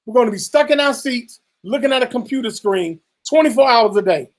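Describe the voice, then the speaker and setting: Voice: mid-range voice, expressive, a little fast. A co-host in a casual commentary chat, swearing freely, mocking and acting out what others say, then lecturing and warning the listeners.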